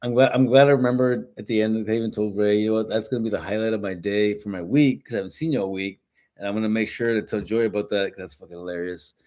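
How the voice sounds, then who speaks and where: A man's voice: fairly low pitch, steady tone, fast, a little mellow. A man co-hosting a podcast in casual chat, a rambling storyteller who repeats words and laughs often. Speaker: podcast co-host.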